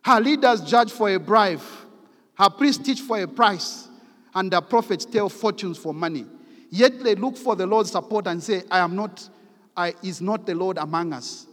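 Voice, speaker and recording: A man's voice: high-pitched, normal speed, a bit bright. A man preaching a sermon, reading scripture aloud with emphatic, rising force. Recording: long hall reverb.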